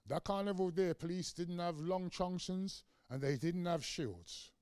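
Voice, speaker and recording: Older London man, activist lecturer, passionate storyteller, slightly high voice, dry close sound. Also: a little slow, darkish tone, no room sound. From London, England. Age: 60s. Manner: passionate storytelling, acts out dialogue. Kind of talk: public lecture. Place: lecture room.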